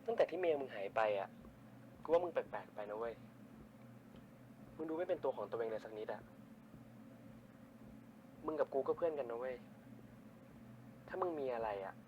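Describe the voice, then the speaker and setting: A man's voice: medium pitch, dull audio, a little hiss or hum, natural voice. A man voicing a blunt, worried young friend. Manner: blunt, casual, rough-talking. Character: worried young male friend leaving a voicemail.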